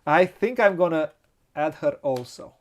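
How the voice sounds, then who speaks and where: A man with a Romanian accent, a non-native English speaker, hosting a board game playthrough and thinking aloud slowly and hesitantly, with frequent laughs. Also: a little high, expressive. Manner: slow, hesitant, muttering to himself, laughs often. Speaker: board game channel host.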